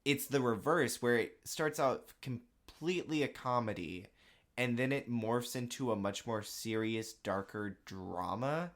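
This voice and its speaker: A man's voice: mid-range voice, unhurried. A young man co-hosts a podcast with a mid-range voice. He talks loosely and casually, dropping in plenty of fillers as he goes. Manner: loose, chatty, lots of uh and like. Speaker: podcast co-host. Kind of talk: casual chat.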